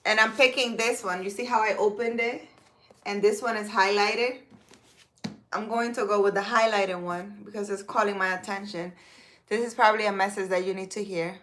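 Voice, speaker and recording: A woman, a spiritual healer, talking casually and reading scripture aloud slowly and emphatically, with occasional swearing and Spanish words. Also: mid-range voice, steady tone, a bit bright. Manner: slow deliberate reading.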